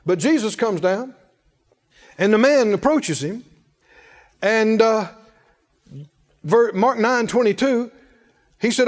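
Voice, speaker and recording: High-voiced preacher in a reverberant hall. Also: male voice, expressive, slow, long pauses. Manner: emphatic, calls on the congregation to respond. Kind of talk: sermon.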